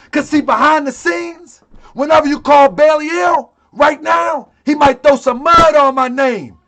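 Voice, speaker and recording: A man with a very high speaking voice, talking in a loose, slangy livestream rant. He is emphatic and laughs often as he addresses his temple's followers. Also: gravelly, a bit bright.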